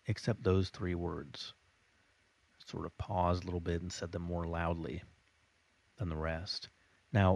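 A man giving a spoken lesson, explaining in a measured way with deliberate pauses. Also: low-pitched, darkish tone, dry recording. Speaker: instructor. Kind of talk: spoken lesson on persuasion techniques.

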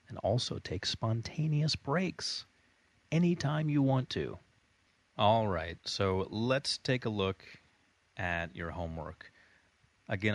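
A man teaching a recorded online course lesson with an emphatic, repetitive, motivational delivery. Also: sits low. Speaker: course instructor.

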